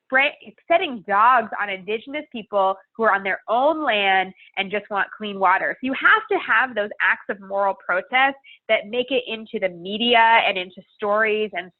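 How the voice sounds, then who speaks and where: Woman guest on a remote call, tinny phone-band audio, earnest and emphatic, thinking aloud. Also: mid-range voice. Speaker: guest, climate organizer. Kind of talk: podcast interview conversation.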